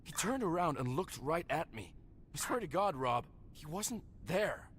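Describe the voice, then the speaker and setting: A man's voice: a little high, sing-song, a little slow, fairly bright tone, breathy edge, full character voice. An actor playing a grumpy injured man lost in the woods, talking tersely and swearing under strain in a video game. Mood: shaken.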